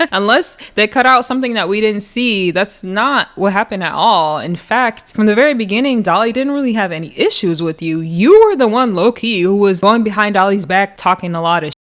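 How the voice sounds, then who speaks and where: A woman's voice: mid-range voice, expressive, moderate pace, fairly bright tone. A woman hosting a reality show recap, chatting casually in a gossipy, filler-heavy way. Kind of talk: casual commentary.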